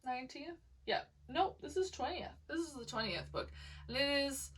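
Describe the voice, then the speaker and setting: Excitable book-vlogger woman, kinda high voice, sits back from the mic, gushes a lot. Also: moderate pace, distant mic, slight background noise, low-quality recording. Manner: gushing, excitable, chatty with lots of fillers. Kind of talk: casual chat to camera.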